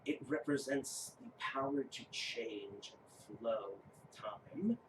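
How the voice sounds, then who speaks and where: A man voicing a solemn old male giant who carves runes, speaking slowly and gravely. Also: medium pitch, echoey room, far from the mic, noisy background, close to an everyday voice. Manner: slow, grave, measured.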